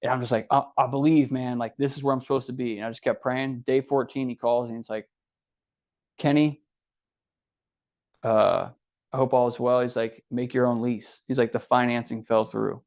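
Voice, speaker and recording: A young adult podcast guest from Ohio tells his story casually at a normal speed and medium pitch. Animated throughout, he acts out quoted dialogue. The podcast audio is dull lo-fi.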